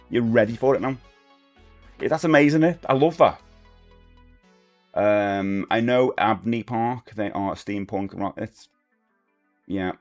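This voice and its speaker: A middle-aged man with a fairly low voice chats with his viewers from a home streaming room on a desk mic. He rambles easily and pokes fun at himself, and faint music plays behind him. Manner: chatty, rambling, self-deprecating with frequent fillers. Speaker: livestream host. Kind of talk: casual chat with viewers.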